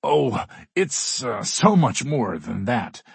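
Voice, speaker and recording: A man's voice: very animated, unhurried, husky, no echo, full character voice. A man voicing an eager, pushy male tech executive in an audiobook, with a raised, upbeat delivery. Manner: upbeat, salesy, slightly higher and louder. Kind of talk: audiobook character voice.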